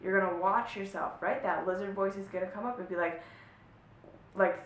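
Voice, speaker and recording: A woman's voice: moderate pace, a bit bright. A woman spiritual life coach teaching to camera in an emphatic, motivational way, often checking in with her listeners. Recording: echoey room with faint low rumble.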